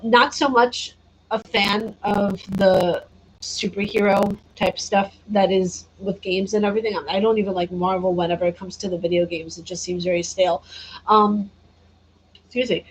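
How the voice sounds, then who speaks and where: A woman's voice: medium pitch, husky, low-quality recording. A tired woman chatting casually on a gaming livestream, reading and answering viewer comments and laughing often. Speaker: gaming streamer.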